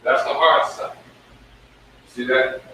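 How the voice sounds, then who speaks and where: Male teacher, unhurried, drawls each syllable, bright tone, very echoey room, distant mic. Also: mid-range voice, fairly even intonation, a little hiss or hum. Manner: slow, drawn-out sounding of syllables. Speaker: Hebrew teacher. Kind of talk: classroom lesson streamed live. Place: room with a whiteboard.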